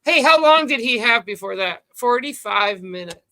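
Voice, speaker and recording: A woman's voice: a little high, animated, normal speed, background noise. A woman hosting a live stream in casual chat. She rambles loosely and swears freely.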